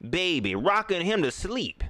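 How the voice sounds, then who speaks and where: A man's voice: high voice, sing-song, measured pace, sharp tone, dry recording, clean studio sound. A man hosting a live post-game stream, ranting about his team and reading out viewer comments. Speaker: livestream sports commentator.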